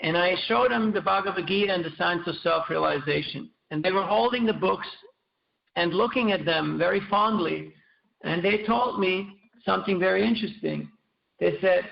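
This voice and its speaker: A man speaks in a high, heavily gravelly voice, teaching scripture at a measured pace and telling stories from his own life. The recording is dull and lo-fi. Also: reverberant. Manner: storytelling, measured, with fillers and repeats. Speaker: speaker giving a scripture class. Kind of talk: sermon.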